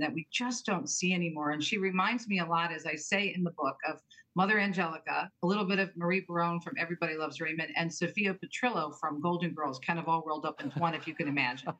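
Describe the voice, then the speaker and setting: Woman, interview guest, earnest and emphatic, lowish voice. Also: bright, forceful tone, poor audio. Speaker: guest author and talk show host. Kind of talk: interview conversation.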